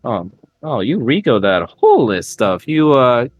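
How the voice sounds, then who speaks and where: A man's voice: mid-range voice, sing-song, a little slow, no room sound. A man voicing a sly, coaxing older woman of the bayou who sniffs at strangers and eats people. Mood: sizing up.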